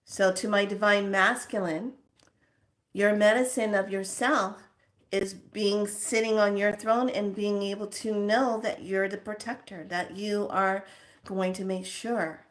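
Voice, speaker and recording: A woman giving an earnest spiritual talk to her viewers. She tells stories and lets phrases trail off quietly. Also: medium pitch. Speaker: spiritual speaker.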